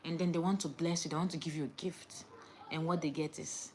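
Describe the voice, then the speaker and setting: A young woman, lecturing viewers in a casual chat to camera and swinging between loud outbursts and hushed asides. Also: low voice, fairly even intonation, a little fast, a little hiss or hum. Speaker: vlogger.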